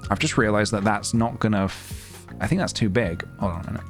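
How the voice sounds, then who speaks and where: A man's voice: lowish voice, brisk, over music. A man in his thirties chatting casually on a live stream, playful and rambling as he talks himself through his work. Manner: playful, rambling, talking to himself while working.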